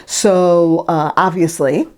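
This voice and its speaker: A woman's voice: lowish voice, steady tone, slow. A woman singer casually telling a story about an audition, chatty with lots of fillers and restarts.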